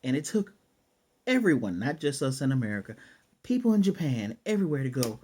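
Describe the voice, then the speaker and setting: A man giving a casual, excitable episode review in slangy speech, swearing and acting out the scenes as he retells them. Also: medium pitch, brisk, breathy edge. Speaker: anime reviewer.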